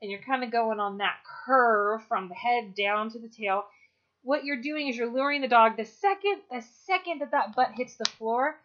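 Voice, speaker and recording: A woman dog trainer giving a practical, chatty lesson, with the odd "um" and "you know". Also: a little high. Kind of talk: instructional talk. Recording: dull lo-fi recording.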